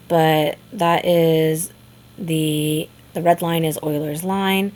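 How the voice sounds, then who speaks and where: A woman teaching a high school math lesson in a casual, chatty way, with frequent fillers and restarts. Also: darkish tone. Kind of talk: classroom lecture video.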